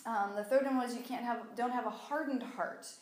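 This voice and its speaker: A woman gives a lively, conversational Bible teaching with a fairly high voice. She slips into acted-out voices as she makes her points. The sound is roomy and echoey. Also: moderate pace. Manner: animated, acts out quoted voices. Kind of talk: conversational sermon. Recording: echoey room.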